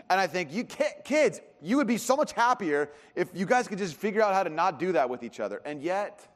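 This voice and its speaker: A man preaching a sermon as pastor, talking conversationally and animatedly, often dropping to quiet emphasis. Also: on the high side, in a large hall.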